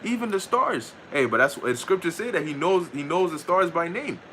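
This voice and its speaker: A man teaching scripture in a loose, streetwise way, reading verses slowly and then riffing with swearing and laughter. His voice sits a bit high and swings widely in pitch. The delivery stays animated and conversational throughout. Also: a little hiss or hum. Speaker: Bible teacher. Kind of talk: casual scripture lesson.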